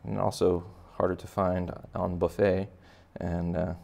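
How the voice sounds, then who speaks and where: A man's voice: sits low, level tone, a little slow, gravelly, warm tone. A man teaching kids to draw, chatting casually and making joking asides while he sketches. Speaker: art teacher. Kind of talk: casual drawing tutorial for kids.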